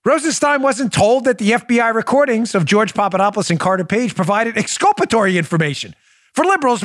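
This man's voice is high-pitched, recorded with clean studio sound and no room sound. He hosts a political talk show, mocking his targets with sarcasm and acted-out scenes in an animated, sarcastic manner.

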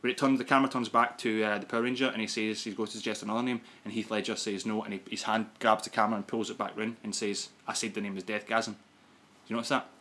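A man's voice: lowish voice, little pitch movement, fast talker, bright, forceful tone. A man co-hosting a podcast, rambling through a casual movie review with many fillers and frequent laughs. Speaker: podcast co-host.

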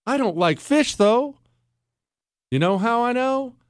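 A man's voice: very high-pitched, lively intonation, takes it slowly, smooth, dry recording, studio quality. Emphatic, combative male talk show host. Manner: emphatic, combative, teasing and repetitive. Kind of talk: opinionated monologue.

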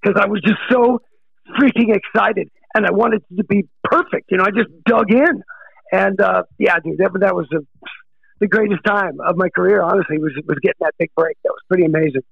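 A middle-aged American rock drummer being interviewed, excitable, laughing often and calling people dude. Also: male voice, high-pitched, fairly quick, creaky, breathy edge, no echo, phone-quality sound. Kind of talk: casual interview chat.

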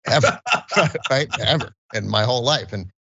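A man's voice: medium pitch, moderate pace, vocal fry, pushed and bright, slightly rough. A middle-aged man co-hosting a podcast, telling a story in rambling, self-interrupting chat. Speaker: podcast co-host. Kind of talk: casual chat, comic storytelling. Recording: dull, lo-fi, dry sound.

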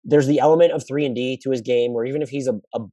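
A man's voice: mid-range voice, steady tone, very fast, mellow, dry recording. A man hosting a basketball podcast, answering listener questions in a casual, thinking-aloud way with frequent restarts. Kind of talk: casual solo podcast analysis.

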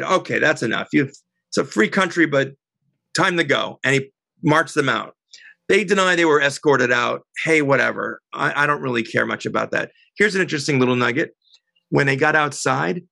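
A middle-aged woman as an interview guest, telling a heated story in an animated, indignant way. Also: rumbling low, gravelly, no room sound. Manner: animated, indignant, quotes others.

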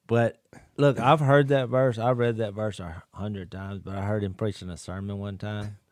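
A man's voice: lowish voice, moderate pace, no echo, studio quality. A man co-hosting a faith podcast, telling stories with energy and acting out quotes. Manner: animated storyteller, acts out quotes loudly. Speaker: podcast co-host. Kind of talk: casual podcast chat about scripture.

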